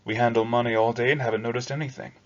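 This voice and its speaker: A man's voice: mid-range voice, little pitch movement, racing, highs cut off, pitched above the performer's own voice, lightly acted. A man voicing a cheerful, flirtatious male money-changer with an indelicate way of talking. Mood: knowing. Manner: breezy, indelicate banter.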